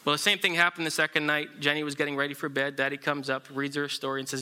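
A man preaching a sermon in a very bright, slightly high voice. He speaks haltingly, with frequent fillers and restarts, as he tells a story to the congregation. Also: level tone, clean tone. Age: adult, married. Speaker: pastor.

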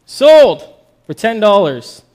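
A preacher doing a showy, emphatic auctioneer. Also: male voice, high voice, sing-song, slow pace, darkish tone, voice pushed up, heavily acted. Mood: announcing. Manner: announcing, emphatic. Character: firm, showy male auctioneer.

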